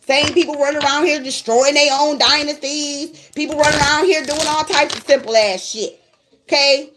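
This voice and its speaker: A tarot reader with a high voice lectures her viewers in a loose, profane rant. She scolds bluntly and cusses without pause. A faint noise runs under the recording.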